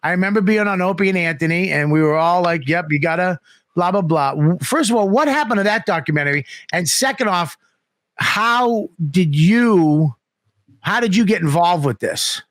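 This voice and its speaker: A man with a high voice tells a story on a radio show, jumping into loud, profane impressions of the people in it. He is close to the microphone in a dry studio. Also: a little fast, no echo. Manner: animated storyteller, acts out quotes loudly with swearing. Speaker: comedian co-host. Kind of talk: casual radio chat, animated storytelling.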